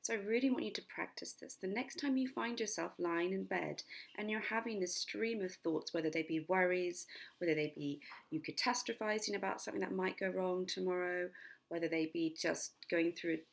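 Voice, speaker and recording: Husky, gravelly woman hypnotherapist. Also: lowish voice. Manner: chatty and repetitive, demonstrates slow sleepy whispered inner voice. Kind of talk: casual spoken self-help lesson to camera.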